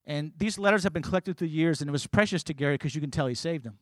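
Fast, high-voiced preaching man. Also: no room sound. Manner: emphatic, rising to loud preaching. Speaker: pastor. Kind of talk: sermon.

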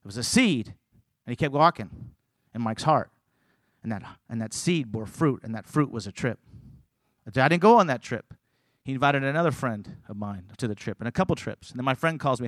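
Bright-voiced man preaching a sermon. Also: a little high, quick pace, no echo. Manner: storytelling preaching, voice swings from loud to hushed.

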